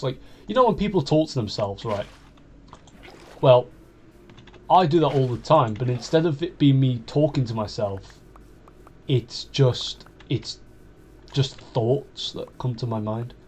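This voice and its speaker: A man's voice: mid-range voice, darkish tone, slight background noise. A young man with a West Midlands accent talking in a casual, confessional monologue, rambling and hesitant, often restarting his sentences. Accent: West Midlands English. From Wolverhampton, England. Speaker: YouTuber.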